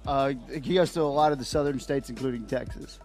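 A man's voice: medium pitch, fairly quick, faint music behind. Chatty male radio host. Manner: relaxed, chatty, cues up audio clips. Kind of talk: casual chat.

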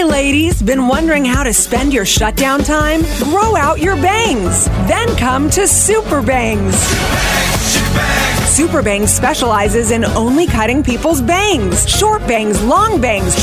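A woman's voice: high-pitched, exaggerated voice. A woman voicing a peppy salon announcer in a comedic fake radio ad. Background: loud music.

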